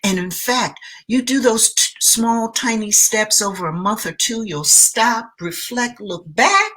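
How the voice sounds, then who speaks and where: Slow, bright-voiced woman coaching viewers. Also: on the high side, animated. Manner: emphatic, repeats key phrases, talks straight to viewer. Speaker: self-care and business coach. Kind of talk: motivational talk to camera.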